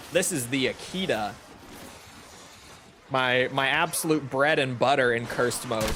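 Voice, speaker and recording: A man's voice: fairly high pitch, fairly bright tone, slight background noise. A man giving casual gameplay commentary, chatty and rambling, often correcting himself mid-sentence. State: has the hiccups. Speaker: gaming streamer.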